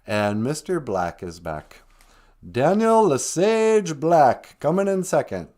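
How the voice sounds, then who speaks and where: A man's voice: on the high side, big pitch swings, slow, darkish tone. A man hosting a podcast in casual, jokey chat, teasing his co-host and greeting listeners. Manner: jokey, teasing, calls people sweetie.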